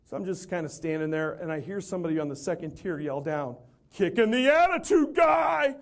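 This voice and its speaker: Male motivational speaker, fairly high voice, animated, self-deprecating humor. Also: fast talker. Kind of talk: humorous storytelling talk.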